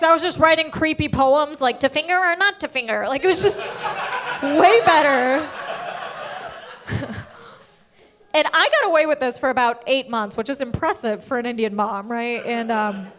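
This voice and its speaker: High-voiced, animated woman stand-up comic. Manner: animated storytelling, big jumps in pitch on punchlines. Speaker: stand-up comedian. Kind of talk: stand-up comedy set. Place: comedy stage.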